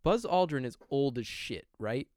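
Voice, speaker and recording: A man's voice: medium pitch, big pitch swings, measured pace, a little mellow, no echo, studio quality. A man chatting casually on a podcast, telling rambling stories and slipping into silly quoted voices. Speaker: podcast host. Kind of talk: casual chat.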